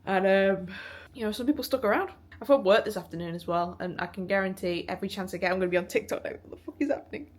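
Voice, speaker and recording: Woman, young, casual vlogger voice, chatty and sweary, mid-pitched. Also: fast. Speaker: vlogger and musician. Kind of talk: casual vlog chat to camera.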